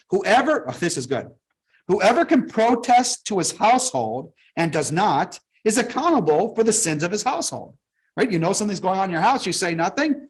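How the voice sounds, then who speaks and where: Husky high-voiced rabbi teaching. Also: male voice, poor audio. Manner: conversational, joking asides to congregants. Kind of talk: synagogue teaching talk.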